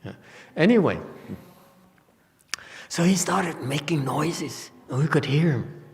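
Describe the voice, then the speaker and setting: A male Buddhist teacher tells stories in an unhurried, halting way, pausing on fillers and laughing often. His speech is slow. The sound carries a long hall reverb. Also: a little high, animated. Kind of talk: dharma talk. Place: monastery hall.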